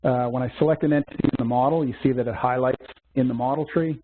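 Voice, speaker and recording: Man explaining software over tinny audio. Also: mid-range voice, fairly even intonation, quick pace, noisy background. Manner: methodical step-by-step explaining with fillers. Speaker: software instructor. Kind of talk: screen-share software demo webcast. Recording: tinny phone-like webcast audio.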